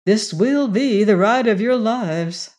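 A woman reading aloud and voicing a gentle, selfless woman rancher who speaks softly and earnestly. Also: mid-range voice, lively intonation, takes it slowly, voice pushed up. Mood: tender. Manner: soft, earnest, musing.

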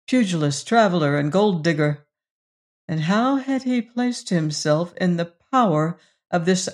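An audiobook narrator reading a period story at an unhurried, deliberate pace. The delivery is measured and even, with the pitch sitting in a middle range. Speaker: audiobook reader.

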